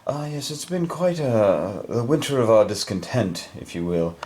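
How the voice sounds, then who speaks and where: A man's voice: on the low side, very animated, moderate pace, darkish tone. A man voicing an unflappable British officer with a put-on posh British accent, pompous and understated. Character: stiff-upper-lip British officer, unflappable.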